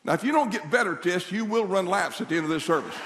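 A male pastor preaching a sermon in a church, animated, with call-and-response to the congregation. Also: sits high, quick pace, background noise. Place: church sanctuary. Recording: long reverb of a large hall.

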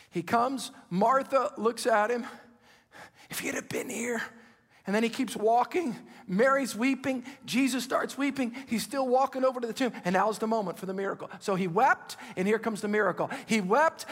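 A man in his fifties delivers a fervent sermon, pleading with his congregation and then sinking into hushed asides. His voice sits high and sounds husky and gravelly. It carries a long reverb from the large church hall around him. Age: 50s. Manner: impassioned, urgent preaching that drops to hushed asides. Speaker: pastor.

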